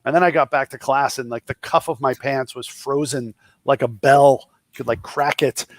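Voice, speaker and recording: A Boston-accented man in his fifties, from the Boston area, speaks as an entrepreneur guest in a casual interview, spinning jokey anecdotes and doing voices for the people in them. His voice is medium-pitched with fairly even intonation at a normal speed, and there's no echo.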